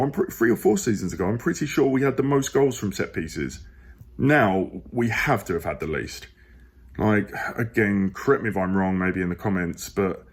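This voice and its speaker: Husky exasperated football fan. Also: male voice, medium pitch, a little mellow. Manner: exasperated, rambling, rising emphatic outbursts. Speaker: football fan channel host. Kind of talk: casual match review to camera. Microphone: phone.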